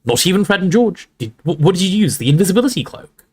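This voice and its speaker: A man putting on a jealous, sulky teenage boy with a raised, jumpy voice. He is skeptical and biting in a sarcastic way, swinging up and down in pitch. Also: very animated, quick pace, darkish tone, husky, heavily acted.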